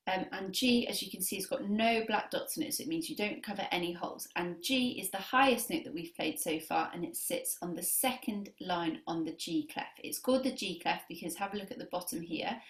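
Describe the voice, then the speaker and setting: A woman leads a beginner clarinet lesson, counting her pupils in and praising them often. Her mid-pitched voice rings around an echoey room, picked up by a camera mic some distance away. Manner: encouraging, counts students in, lots of praise. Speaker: music teacher.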